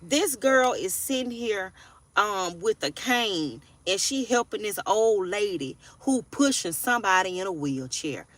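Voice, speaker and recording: A woman's voice: medium pitch, expressive, unhurried, fairly bright tone. A woman in her forties giving a casual tarot reading, blunt and profane, preaching and often asking if you hear her. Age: 40s. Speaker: tarot reader.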